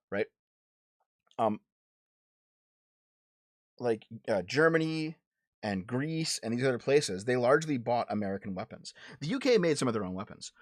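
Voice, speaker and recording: A man's voice: medium pitch, no echo, studio quality. A man hosting a livestream, arguing politics with his chat in a blunt, profane way and often restarting his words. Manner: repeats and restarts words when heated. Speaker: livestream show host. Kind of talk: casual political commentary answering chat.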